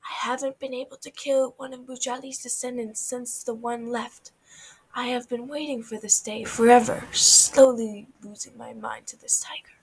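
A vengeful male tiger creature, as a woman reading a storybook puts him on, menacing and obsessed with his prey. He slips into hissed, half-whispered threats. The voice sits a little high. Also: steady tone, normal speed, breathy edge, poor audio.

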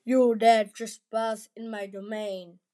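Malevolent undead ghoul king for a storybook, hissing threats, read by a woman, warm tone. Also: a little high, level tone, slow pace. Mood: menacing.

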